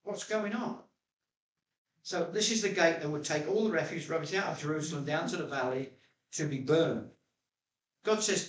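A man preaching a sermon as pastor, telling stories in a chatty way and jumping high in pitch when he quotes himself. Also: moderate pace, pauses often. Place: church hall. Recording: echoey church room, mic at a distance.

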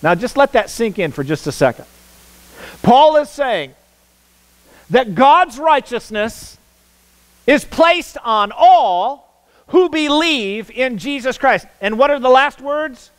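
High-voiced emphatic male preacher. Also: expressive, slow, clean tone, low-quality recording. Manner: emphatic, repeats words for stress, asks the congregation questions. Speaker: pastor. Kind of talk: sermon. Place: church sanctuary.

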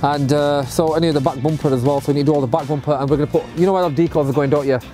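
Fast-talking upbeat man vlogger. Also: on the high side, fairly even intonation, dark tone, soft background music. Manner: upbeat, chatty, quick-talking. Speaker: vlogger and bus converter. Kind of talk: casual vlog talk to camera. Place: outdoors beside a bus.

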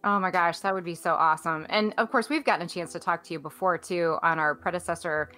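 A woman co-hosting a podcast, excited and gushing as she talks. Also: lowish voice, quick pace. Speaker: podcast co-host. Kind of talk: casual podcast interview.

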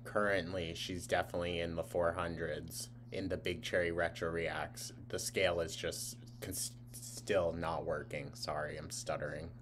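A man's voice: deep voice, flat delivery, moderate pace, fairly bright tone, slight background noise. A man hosting a live stream, giving blunt, mocking reaction commentary and swearing freely.

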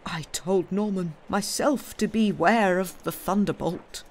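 A frantic young curate in a storybook reading, his cries jumping up high and loud as a man acts him out. He sounds worn out and close to breaking. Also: measured pace. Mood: shaken. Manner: cries out in wild fatigue. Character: frantic young male curate, wild and weary.

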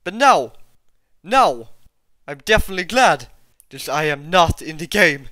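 A gameplay video host commenting on their play, excitable, repeating exclamations and talking straight to viewers. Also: mid-range voice, a little slow, no room sound, clean studio sound.

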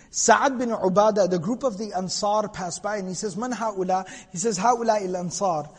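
A man's voice: sits high, a little mellow, long reverb tail. A man teaching a recorded lecture, telling a story with Arabic quotes and casual asides. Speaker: lecturer on prophetic biography.

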